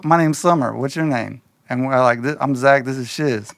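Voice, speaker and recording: A man telling a personal story in loose, slangy, animated casual talk, slipping into quoted voices. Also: medium pitch, moderate pace, vocal fry, no room sound.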